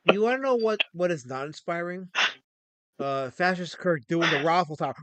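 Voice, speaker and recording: Male stream host, slightly high, bright and edgy tone, rambling rant, dry close sound. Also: animated, normal speed, no room sound. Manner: rambling, ranting, frequent restarts. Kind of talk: casual livestream chat.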